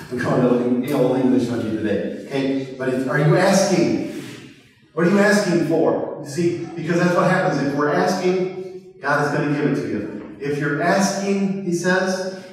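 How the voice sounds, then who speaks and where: Guy giving a chatty sermon, keeps asking the crowd "okay?", big echoey church hall. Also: fairly high pitch. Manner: conversational, halting, repeats words, asks the crowd questions. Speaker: preacher. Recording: roomy hall from far off.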